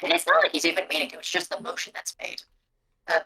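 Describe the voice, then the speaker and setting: A woman's voice: on the low side, wildly swooping pitch, quick pace, vocal fry, bright, forceful tone, husky. A woman narrating a tabletop game as game master over a video call, descriptive and prone to self-corrections.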